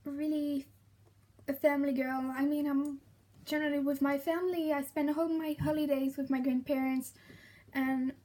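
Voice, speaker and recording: A young French woman with a French accent, gushing excitedly in a casual vlog and laughing often. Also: high voice. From France. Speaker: vlogger.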